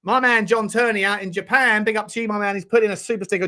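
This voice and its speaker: A man's voice: high voice, steady tone, fast talker, bright, forceful tone. A man hosting a casual live-stream chat, joking around and reading out viewer messages. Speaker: livestream host.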